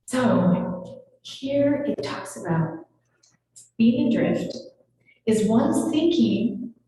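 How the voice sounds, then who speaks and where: Slow-talking woman minister in echoey hall. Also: fairly high pitch, animated, mellow. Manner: chatty and playful, often laughing, addressing the congregation directly. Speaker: senior minister. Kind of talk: conversational sermon. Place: large hall of a spiritual center. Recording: echoey hall with long reverb.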